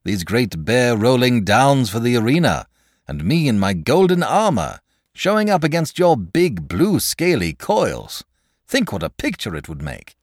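A man's voice: mid-range voice, wildly swooping pitch, unhurried, dry recording, clean studio sound, voice pushed up. A man doing a frank, pleasant knight. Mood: patient, persuasive.

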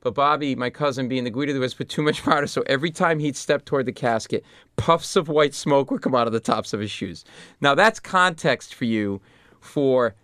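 A man from Rhode Island, a stand-up comedian telling lively anecdotes in an interview and jumping into loud voices of the people in them. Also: mid-range voice, normal speed, clean tone, dry recording. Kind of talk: animated storytelling in an interview.

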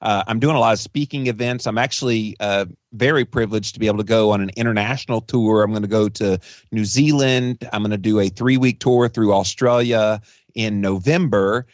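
A man's voice: lowish voice, fairly quick, no echo. A man being interviewed as a podcast guest and author, talking casually and rambling, with restarts. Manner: chatty, rambling with frequent restarts and laughs.

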